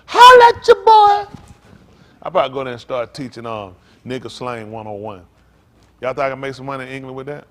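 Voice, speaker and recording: A man from the United States preaches a casual, jokey sermon at a quick pace, his medium-pitched voice carrying a little hiss or hum. Animated and laughing, he teases the congregation and repeatedly asks "isn't that right?"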